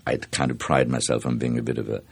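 An older man from Dublin with a soft mid-Atlantic Dublin accent, an actor telling stories in an interview in a reflective, meandering way. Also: very deep voice, flat delivery, quick pace, gravelly, breathy edge. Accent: Dublin, South Circular Road. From Ireland. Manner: reflective, anecdotal, with many restarts and fillers. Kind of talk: interview, storytelling.

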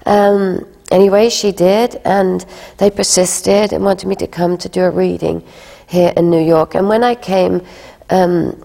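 Gravelly low-voiced woman, chatty. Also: steady tone, unhurried, mellow, long reverb tail. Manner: chatty, laughing between phrases. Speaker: guest actor. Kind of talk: conversational interview.

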